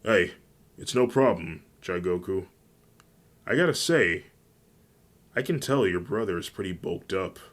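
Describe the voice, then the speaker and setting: A man's voice: sits low, lively intonation, unhurried, long pauses. A man voicing a friendly young woman hero in a fan story, encouraging and easygoing.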